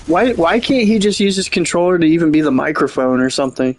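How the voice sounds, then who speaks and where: A man's voice: a little high, fast. A man streaming a game and chatting casually, rambling and joking, swearing freely. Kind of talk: casual livestream chat.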